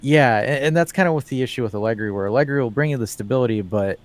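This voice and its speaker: A man with a mid-range voice co-hosts a casual football podcast, talking fast in a rambling, animated way full of fillers and restarts, with wry asides.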